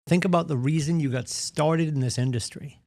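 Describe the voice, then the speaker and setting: A man with a slightly high, a little mellow voice speaks at a moderate pace in a dry, studio-quality recording. Leading his real estate team's morning meeting, he delivers an earnest, punchy motivational talk and acts out the excuses people make.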